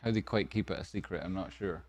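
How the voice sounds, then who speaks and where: A man's voice: deep voice, quick pace. A man hosting a stock stream, giving a comedic market news rundown with wry, jokey asides. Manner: wry, jokey asides, sudden softer murmurs.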